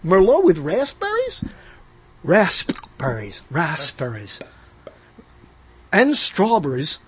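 A man's voice: fairly high pitch, wildly swooping pitch, slow pace. A man hosting a casual comedy podcast, rambling and joking, slipping into mock announcer bits. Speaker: podcast host.

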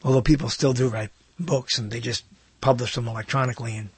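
A man's voice: mid-range voice, steady tone, fast, breathy edge, dry recording. A man hosting his own talk show, rambling through a casual monologue with many self-interruptions and wry asides. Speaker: host.

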